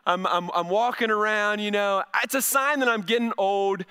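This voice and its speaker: A man's voice: high voice, moderate pace, sharp tone, clear, resonant tone. A middle-aged male pastor giving a conversational sermon, often repeating words as he starts a phrase.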